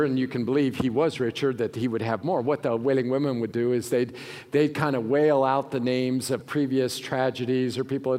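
A male pastor delivers a sermon in a casual, conversational voice, pitched in the middle for a man. He acts out the people in the story and sinks to a hush when he wants a point to land. The sound carries a long hall reverb, as in a church sanctuary. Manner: conversational preaching, acts out quoted voices, drops to a hush for emphasis.

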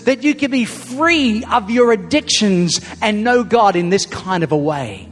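A man's voice: sits high, lively intonation, a little slow. A man quoting his earnest elderly father. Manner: earnest, solemn vow-making. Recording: long hall reverb, faint music.

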